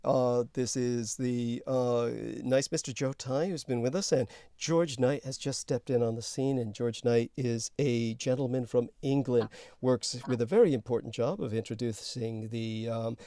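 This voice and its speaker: A man hosting a casual call-in show, talking in a halting way with many fillers and pauses. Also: medium pitch, dark tone, no echo, clean studio sound. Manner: halting, filler-heavy, slips into a put-on crooning sweet-talk voice. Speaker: show host. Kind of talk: rambling casual call-in chat.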